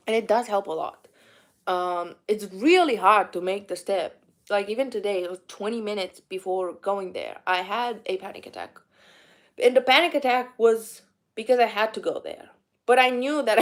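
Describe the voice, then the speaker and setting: A young woman from Romania with a mixed Romanian accent, chatting candidly to viewers in a rambling way with many fillers. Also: medium pitch. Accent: Romanian, mixed with British and Irish. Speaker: vlogger. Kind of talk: casual eat-with-me chat answering viewers.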